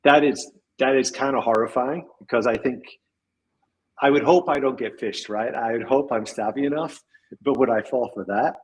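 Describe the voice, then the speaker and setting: This is a husky, medium-pitched male voice at a moderate pace, captured in a rough recording. He runs a tech company and is a guest in a casual interview conversation, talking thoughtfully and ramblingly with restarts and small laughs.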